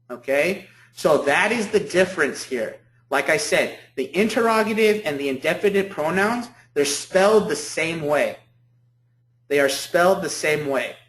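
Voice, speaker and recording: A man lectures as a professor in a room with a lot of echo. His voice sits a little high, and he repeats each key point, then checks with "okay?". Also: fairly bright tone. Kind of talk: university lecture. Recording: echoey room.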